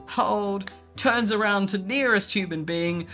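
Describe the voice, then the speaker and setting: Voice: mid-range voice, moderate pace, fairly bright tone, soft background music. A streamer chatting casually while reading posts aloud, laughing often and swearing casually. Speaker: VTuber streamer.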